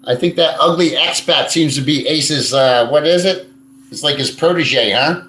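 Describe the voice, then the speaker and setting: A man's voice: a little high, normal speed, a bit bright. A man hosting a casual live stream, answering viewer comments in a blunt, crude and rambling way, swearing freely. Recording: echoey room.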